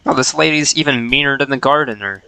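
Man, game streamer, bright crisp voice, playful running commentary. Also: medium pitch, fast, low-quality recording. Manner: playful, jokey, talks to the characters. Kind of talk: casual gameplay commentary.

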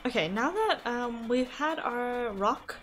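A woman's voice: fairly high pitch, expressive, slow, a bit bright, slight background noise. Chatty young American woman streaming. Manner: chatty, thinks aloud, gasps and laughs often. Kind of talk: casual live-stream chat while gaming. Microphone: desk microphone.

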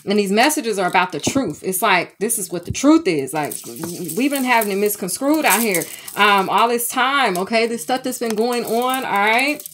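A spiritual medium and tarot reader chats in a casual vlog from a home room filled with sage smoke. Her voice is slightly high and her pace normal, with a faint hiss or hum in the audio, and she's animated, constantly checking in with "okay?" and "y'all."

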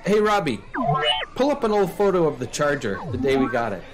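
Theatrical man with a lively, higher voice. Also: brisk, crowd noise, background noise. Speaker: host. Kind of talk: scripted comedy sketch.

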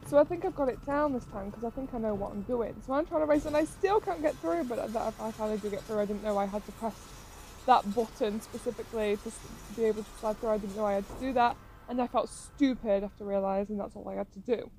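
Give me an excitable, sweary woman. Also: on the high side, fast talker, a little hiss or hum, poor audio. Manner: excitable, sweary, retells her own panic. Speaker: gameplay commentator. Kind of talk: voice-over narration of gameplay footage.

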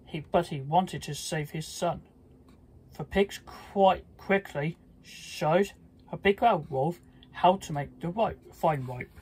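A storybook reader reading a children's story aloud, halting now and then with small slips. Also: mid-range voice, darkish tone, slight background noise.

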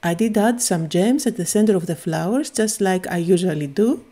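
Woman with a mellow, warm voice. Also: fairly low pitch, normal speed. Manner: calm step-by-step explaining. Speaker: card-making video host. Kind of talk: craft tutorial voice-over.

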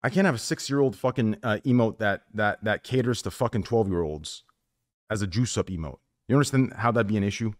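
A man's voice: fairly low pitch, a little fast. A man in his thirties, a livestreamer in a profane, combative rant. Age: 30s.

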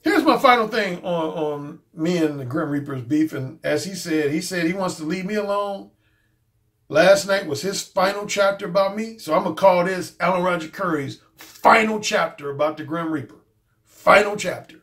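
A man's voice: high voice, moderate pace, a bit bright. A man hosting his own channel, giving a casual, blunt and profane commentary monologue and repeating his points. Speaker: dating coach and YouTube host.

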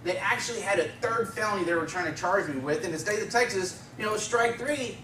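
A guest speaker, a man with a slightly high voice, gives his personal testimony of faith to a church congregation at a fairly quick clip, relaxed and conversational with small chuckles. The recording sounds distant and roomy, with clear background noise beneath.

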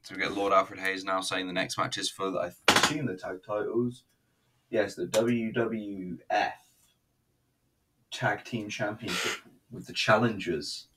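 A man's voice: lowish voice, steady tone, measured pace, very noisy. A man giving a casual, rambling, sweary running review while he watches a video.

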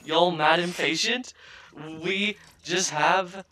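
A young man runs his stream's team chat, his voice bright and a touch high. He gets excitable, cheers loudly and swears casually into a desk mic. Faint music plays behind him. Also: slow pace. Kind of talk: casual gaming chat with callouts.

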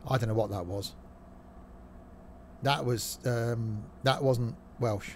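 A man's voice: medium pitch, steady tone, takes it slowly, slight background noise. A man streaming a train game live, rambling through jokey commentary full of "uh" fillers. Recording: train game sounds under voice.

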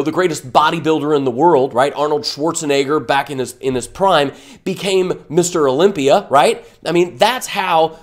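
A man giving a fired-up, emphatic motivational talk to camera as an online business coach, full of rhetorical questions. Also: a little high.

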